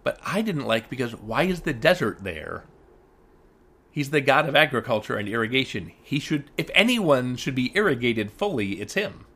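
A man's voice: mid-range voice, sing-song, moderate pace, a bit bright. Man, podcast co-host, casual chat, wry, rambling, lots of restarts. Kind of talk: casual chat recapping TV shows.

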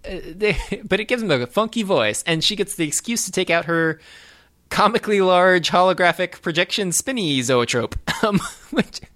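A man's voice: sits high, animated, moderate pace, a bit bright. A man co-hosting a podcast, chatting casually about a movie, rambling and laughing with lots of fillers. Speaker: podcast co-host. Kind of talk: casual movie-riffing chat.

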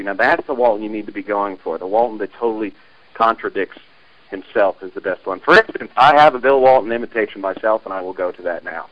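A man's voice: on the low side, lo-fi sound. A man from Oregon leaving a rambling, laid-back voicemail for a podcast. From Oregon, USA. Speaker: caller. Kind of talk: casual voicemail.

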